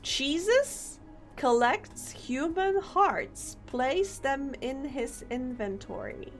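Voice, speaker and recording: Woman streamer, gameplay commentary, excitable and laughing, unhurried pace, widely swinging high voice. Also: faint music behind. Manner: excitable, laughing, incredulous reactions.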